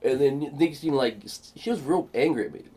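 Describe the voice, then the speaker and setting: A man's voice: medium pitch, lively intonation, a little fast, warm tone, husky. Laughing New man telling crude stories. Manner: crude, laughs often, acts out quoted voices. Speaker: podcast co-host. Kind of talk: casual comedic storytelling chat. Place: backyard shed studio.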